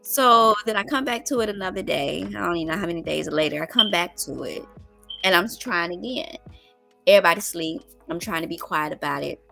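A middle-aged woman telling a story to her viewers in casual, colloquial talk, calling them y'all and getting loud when excited. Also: on the low side, a little fast, creaky, faint music behind. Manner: animated, with loud exclamations and laughs. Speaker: vlogger.

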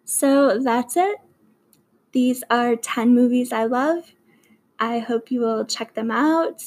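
A young vlogger with a slightly high, darkish voice takes her movie-favorites countdown at a slow, deliberate pace. She sounds earnest and enthusiastic, using emphatic superlatives, and the recording quality is low.

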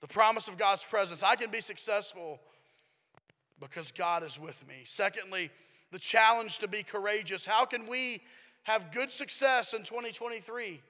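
A man pastor preaching a sermon in a church, emphatic and dropping to a hush at times. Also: high-pitched, normal speed, big-room sound. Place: church sanctuary.

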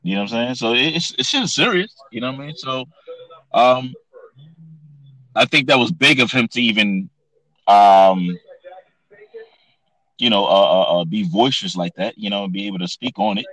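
A man's voice: mid-range voice, very animated, a little fast, a bit bright, no echo, poor audio. Laid-back man in casual podcast chat. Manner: laid-back, profane, repeats "you know what I mean". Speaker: podcast co-host.

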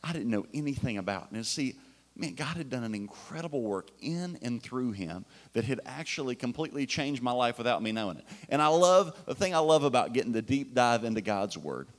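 A man's voice: mid-range voice, lively intonation, a little fast. A man preaching a sermon in a casual, enthusiastic way, with fillers and restarts. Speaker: pastor.

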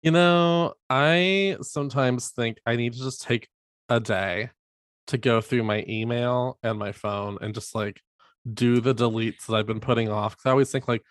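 Man, podcast co-host, casual chatty storytelling, mid-pitched voice, dry close sound. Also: normal speed, no room sound. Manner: chatty, animated storytelling with quoted asides. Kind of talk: casual chat.

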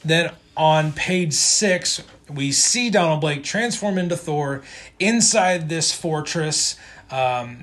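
Brief: male co-host with a fairly high voice, relaxed, rambling comic recap. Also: takes it slowly. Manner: rambling, many ums and restarts. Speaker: podcast co-host. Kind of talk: casual comic book recap.

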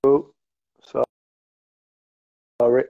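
A man who speaks French natively, talking in English with a Quebec French accent, haltingly searching for words as a guest in a casual interview over a video call. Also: phone-quality sound. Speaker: actor guest.

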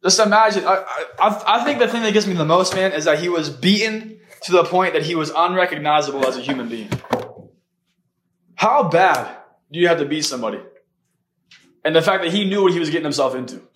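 Male podcast preacher, fervent, rapid delivery, slightly high voice; very echoey room, mic far off. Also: animated, fairly bright tone. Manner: fervent, fillers like "man", "right?", "come on". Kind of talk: casual spoken sermon.

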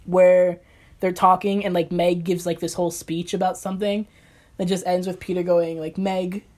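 A woman's voice: on the low side, little pitch movement, moderate pace, a little mellow. A young woman co-hosting a podcast in casual chat, giggly and full of fillers. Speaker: podcast co-host.

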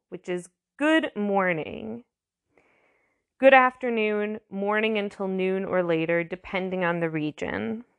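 A woman's voice: medium pitch, fairly bright tone. A woman giving a casual, rambling language lesson, full of fillers and restarts. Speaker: language tutor.

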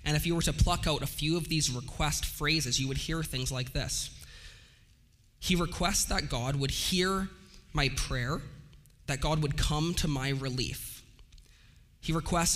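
Male preacher, slightly high voice, slow and earnest, long hall reverb. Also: a bit bright. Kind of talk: sermon.

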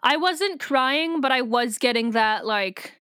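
Woman recapping a book, smooth voice. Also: high voice, expressive, slow, fairly bright tone, dry recording. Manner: retells the plot at length, reading passages aloud; rambling, with many fillers and restarts. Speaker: podcast co-host. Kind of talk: casual book discussion.

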